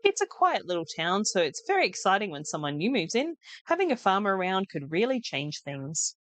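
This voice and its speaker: A woman's voice: medium pitch, sing-song, fairly quick, fairly bright tone, dry recording. A woman voicing an eager, chirpy young mother from a farming video game. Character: friendly young mother, excitable.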